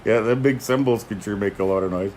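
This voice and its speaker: An older man, hosting a casual chat and telling folksy stories about horses, often chuckling and clearing his throat. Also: on the low side, a little fast, darkish tone, a little hiss or hum. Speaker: host, horse teamster. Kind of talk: casual chat answering viewer questions.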